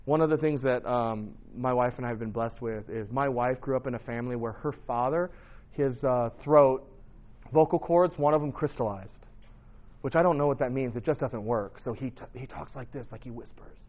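A man in his thirties preaching a casual sermon, loud and animated with joking asides. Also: mid-range voice, moderate pace. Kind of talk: casual sermon to young adults. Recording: dull lo-fi recording.

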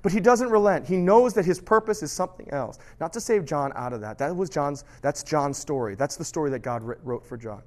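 High-voiced animated man preaching. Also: a little fast, hardly any pauses. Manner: animated, lively storytelling with sudden drops to soft tones. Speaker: pastor. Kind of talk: sermon.

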